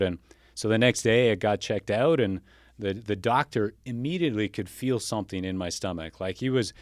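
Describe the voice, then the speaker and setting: A man from Canada in his forties, a podcast guest telling his story in a casual, energetic way, often restarting and repeating words. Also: on the low side, a little fast, no echo, clean studio sound. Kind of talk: casual interview talk.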